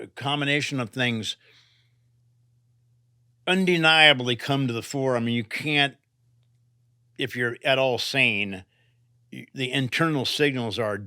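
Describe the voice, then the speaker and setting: In a casual interview, an older climber and author rambles, restarts his sentences, and frequently asks "right?" and says "you know." His medium-pitched voice sounds pushed and bright, captured in a dry, studio-quality recording.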